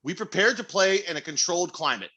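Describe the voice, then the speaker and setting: With a crowd audible behind him, a young podcast co-host chats casually, laughing and cursing through his stories. He speaks fast in a high voice with lively intonation.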